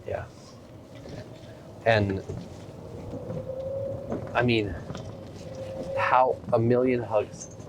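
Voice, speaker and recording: A man's voice: medium pitch, fairly even intonation, extremely slow, long pauses, noisy background. A man hosting a podcast interview, talking in a conversational, reflective way. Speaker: podcast host.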